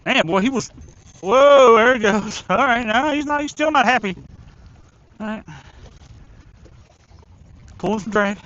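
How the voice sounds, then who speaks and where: A man streaming a fishing tournament live from a riverbank, chatting excitedly and talking to the fish he reels in. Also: high voice, a little slow, pauses often, lo-fi sound. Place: outdoors by a river.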